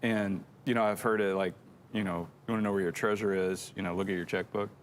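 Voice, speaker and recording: A man's voice: low-pitched, steady tone, fast talker, a little hiss or hum. A middle-aged man co-hosting a church show, telling a rambling, self-deprecating story in casual chat.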